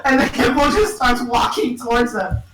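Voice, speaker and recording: A young woman rambles through a comic story, often giggling, with a lively voice set fairly high. She sounds far from the mic in an echoey space, over a loud vehicle rumble. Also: moderate pace. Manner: giggling, breaking into character voices.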